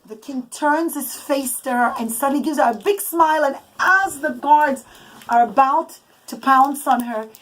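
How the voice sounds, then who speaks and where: A high-pitched woman telling a bedtime story to children. She acts it out with puppets and breaks off now and then to settle the little ones before going on. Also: moderate pace, a bit bright, poor audio.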